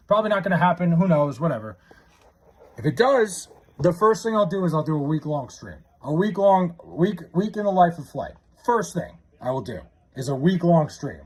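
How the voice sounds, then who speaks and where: A man's voice: on the high side, big pitch swings, moderate pace, darkish tone. A young man chatting casually on a live stream, reading chat and rambling with profanity and restarts.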